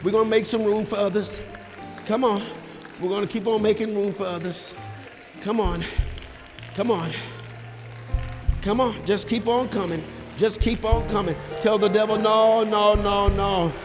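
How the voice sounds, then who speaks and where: A male pastor giving a sermon altar call, urging the congregation to come forward with repeated calls that rise to shouting. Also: high-pitched, fairly even intonation, normal speed, long pauses. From Texas. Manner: rises to shouting at peaks. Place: large church sanctuary with balcony. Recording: live church sound with long reverb and soft music.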